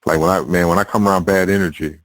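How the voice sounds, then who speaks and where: Male host, very low voice, laid-back slang, stammery starts, dry mic. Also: fairly even intonation, fast talker, a bit bright, dry recording, low-quality recording. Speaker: podcast host. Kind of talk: casual conversation.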